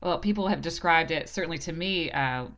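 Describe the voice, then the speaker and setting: A woman in her forties with a Southern American accent talks as a guest on a podcast. Her voice sits a little low. She speaks reflectively, often restarts her sentences, and laughs easily. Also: a little fast, a bit bright. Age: 40s. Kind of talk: casual interview talk.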